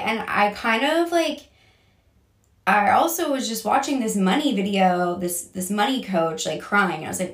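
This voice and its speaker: A woman's voice: medium pitch, lively intonation, normal speed. Rambling, foul-mouthed young woman, echoey room. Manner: rambling, swears often, many fillers and restarts. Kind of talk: casual storytime vlog. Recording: echoey room, a bit far from the mic.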